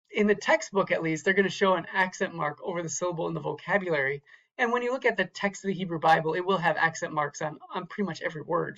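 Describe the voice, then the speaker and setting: A man's voice: fairly high pitch, vocal fry, fairly bright tone, dull audio. A man teaching a recorded lecture from slides, carefully sounding out words syllable by syllable and repeating them. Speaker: Hebrew teacher.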